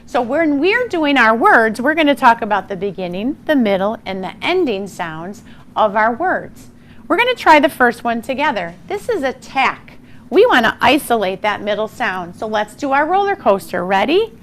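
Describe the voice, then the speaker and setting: A woman teaching a phonics lesson to young children, slow and encouraging, sounding out words with exaggerated care. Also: on the high side, a bit bright. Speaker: primary school teacher.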